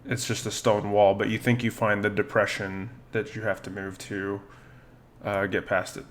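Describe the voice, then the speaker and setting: A man narrating as dungeon master of a tabletop game, unhurried and peppered with ums and uhs as he describes each scene. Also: lowish voice, level tone.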